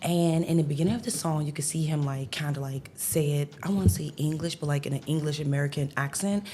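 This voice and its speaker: Low-voiced woman, chatty podcast guest. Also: quick pace. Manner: chatty, animated storytelling with laughs and "like" fillers. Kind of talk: casual chat about music.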